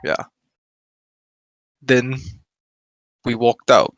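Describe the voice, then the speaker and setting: A man playing a tabletop game, talking in a deadpan, clipped way. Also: mid-range voice, very slow, no room sound. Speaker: player. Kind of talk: casual tabletop chat.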